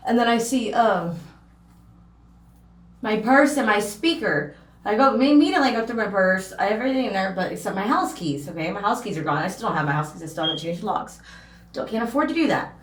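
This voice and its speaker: A young woman telling a personal story in a casual vlog, rambling with lots of fillers and restarts. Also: on the high side. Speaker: vlogger. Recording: echoey room.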